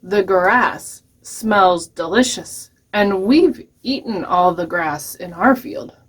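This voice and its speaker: Woman reading as the middle goat brother, talks slow and reasonable, bit pleading. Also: mid-range voice, husky. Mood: explaining.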